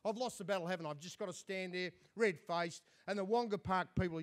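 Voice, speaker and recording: A man's voice: high voice, fast talker. An Australian man telling comic stories as an after-dinner speaker, dry and self-mocking.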